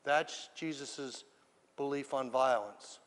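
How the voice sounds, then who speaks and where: A man preaching a sermon, telling the story dramatically and swinging from hushed lines to shouts. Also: mid-range voice, slow pace, in a large hall.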